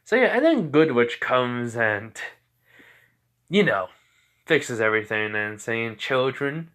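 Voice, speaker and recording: A man's voice: medium pitch, very animated, takes it slowly, fairly bright tone. A young man casually improvising a fan story, rambling with lots of fillers. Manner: rambling, many fillers like "you know" and "he's like".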